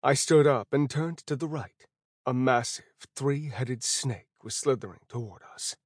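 A man reading a first-person fantasy audiobook at a steady, even pace. His voice sits in an ordinary middle register. The recording is close and dry, with no room sound. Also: medium pitch, a little slow, husky, dry recording. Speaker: audiobook narrator.

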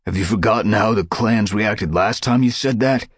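A man's voice: on the low side, normal speed, husky, dry recording, voice pushed up. A man voicing a proud, bitter tomcat who snarls his words defiantly in a storybook reading.

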